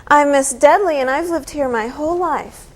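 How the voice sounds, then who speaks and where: A woman's voice: high voice, normal speed, close to an everyday voice. A woman playing a sassy horror show hostess with a folksy manner in a campy comedy sketch.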